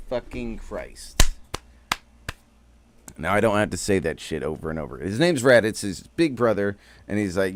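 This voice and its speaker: A man streamer rambles through a casual recap, packing it with slang and swearing. His voice is on the low side. The sound is dry and close, straight into a desk mic. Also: very animated, moderate pace, no room sound. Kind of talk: casual comic show recap.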